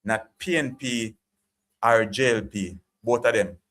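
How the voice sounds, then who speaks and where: A man's voice: mid-range voice, measured pace, a bit bright. A man from Jamaica with a Jamaican accent, hosting a live chat stream and ranting passionately, often repeating himself. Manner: passionate, ranting, repeats "you get what I'm saying". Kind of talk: opinionated live chat monologue.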